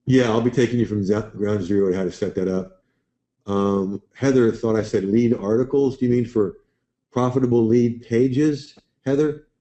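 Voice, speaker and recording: A man's voice: mid-range voice, steady tone, moderate pace, dark tone, lo-fi sound. A man hosting a live webinar, chatting loosely and answering viewers' questions by name. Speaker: webinar host.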